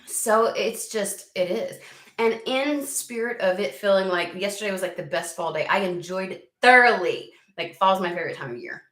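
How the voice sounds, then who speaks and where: A woman's voice: medium pitch, normal speed, a bit bright. A woman from the United States, reading tarot and chatting casually, easily sidetracked, swearing now and then. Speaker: tarot reader. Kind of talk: rambling casual chat. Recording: echoey room.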